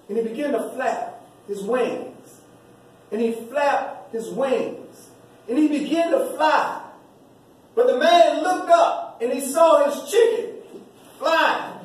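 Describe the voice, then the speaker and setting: A man giving a preaching-style graduation speech, telling a story with repeated rhythmic phrases, heard from a distance in a large hall. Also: extremely high pitch. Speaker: graduation speaker. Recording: very echoey hall, distant voice, faint noise.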